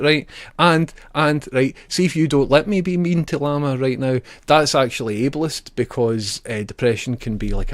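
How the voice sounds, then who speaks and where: A man's voice: mid-range voice, no room sound. A young Scottish man chatting casually on a live stream, trading jokey banter, laughing often and rambling through asides.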